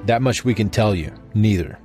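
A man reading a story, voicing a polite, calm man from the future who speaks in a courteous, reassuring way. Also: lowish voice, moderate pace, soft background music, lightly acted.

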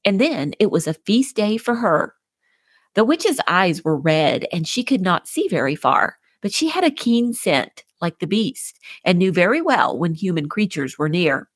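Low-voiced woman narrating a children's tale. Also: very animated, unhurried, slightly rough, dry recording, clean studio sound. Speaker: podcast host and storyteller. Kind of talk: scripted narration of a children's story.

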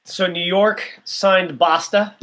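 A man's voice: high voice, steady tone, slow pace, sharp tone, a little hiss or hum. A man co-hosting a casual podcast, rambling and opinionated with a joking edge. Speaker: podcast co-host.

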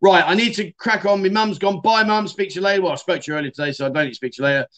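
Bloke, middle-aged, chatting away on his livestream, bit higher voice, keeps calling everyone mate. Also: rapid-fire, a bit bright. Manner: chatty, self-deprecating, calls viewers mate. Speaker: livestream host. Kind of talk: casual livestream chat reading comments.

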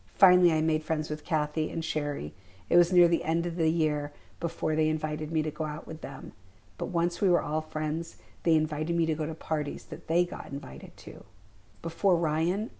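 A woman reading her own memoir aloud in a calm, reflective first-person narration. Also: sits low, normal speed.

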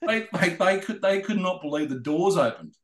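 An Australian man, a guest racer, telling rambling, animated anecdotes in a podcast interview. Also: high voice, normal speed, echoey room, crowd noise. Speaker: guest racing driver.

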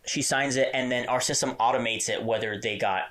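Man telling a lively workplace story. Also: medium pitch, brisk. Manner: animated storyteller, chuckling. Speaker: podcast co-host. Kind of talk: casual chat.

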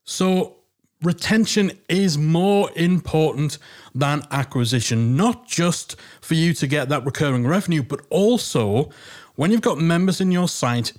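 A man's voice: fairly high pitch, a little slow. A man with a Geordie accent hosting a business podcast, talking in a chatty, emphatic, self-deprecating way. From Northeast England. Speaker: podcast host. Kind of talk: casual podcast monologue.

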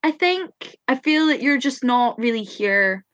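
A woman's voice: fairly high pitch, expressive, unhurried, a bit bright, no echo, muffled recording. A woman improvising an overconfident actress who rambles in stammering questions. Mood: flustered. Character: overconfident dramatic female actress, nervous questioning. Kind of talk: improv comedy scene.

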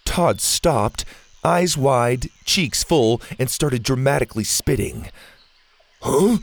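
Brief: male storyteller for a kids' audio series, unhurried, gravelly, very lively pitch. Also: no echo. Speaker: narrator. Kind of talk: children's audio story narration.

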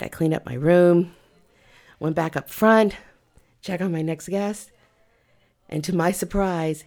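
A woman whose voice sits on the low side, a massage therapist, animatedly relates a work anecdote in a casual way, performing both sides of the back-and-forth.

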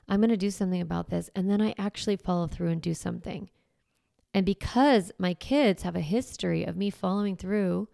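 A woman's voice: mid-range voice, creaky, darkish tone, clear, resonant tone, no room sound, clean studio sound. A woman in her forties, a parenting coach hosting a podcast, talking casually and acting out little quotes. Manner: chatty, acts out quotes, many "like" fillers.

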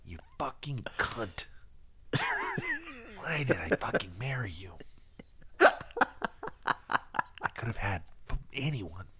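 A man's voice: medium pitch, big pitch swings, slow pace, long pauses. A man doing an impression of a bitter middle-aged actor, whispering crude, self-pitying complaints.

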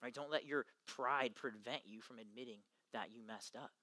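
A young man giving an earnest, emphatic youth talk to junior high boys, acting out the quotes he gives. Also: moderate pace, pushed and bright, no echo. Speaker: youth ministry speaker.

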